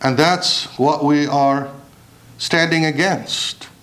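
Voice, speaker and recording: A man's voice: a little high, fairly even intonation, slow pace, a bit bright. A man preaching a Friday sermon in a mosque, impassioned, asking rhetorical questions and mixing in Arabic recitation.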